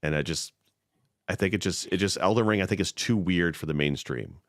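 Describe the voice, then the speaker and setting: A man co-hosting a podcast, speaking bluntly in relaxed casual chat with frequent swearing. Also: sits low, brisk, no echo, clean studio sound. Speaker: podcast co-host.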